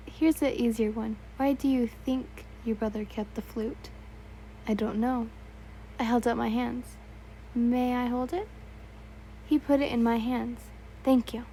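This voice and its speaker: A woman's voice: fairly high pitch, mellow, slight background noise, rough recording. A young woman reading fan fiction aloud in a casual, stumbling way, correcting herself and adding asides.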